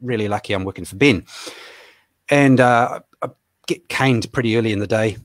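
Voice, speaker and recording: On a video call, a comic artist guest with a New Zealand accent chats casually, halting and self-deprecating, with plenty of fillers. His voice sits lowish, and the sound is studio quality with no echo.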